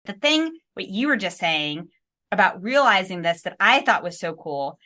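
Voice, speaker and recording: Podcast host, female, crisp bright tone, eager and engaged as she retells scenes. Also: mid-range voice, very animated, moderate pace. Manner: enthusiastic, retelling scenes from the book. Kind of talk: podcast interview.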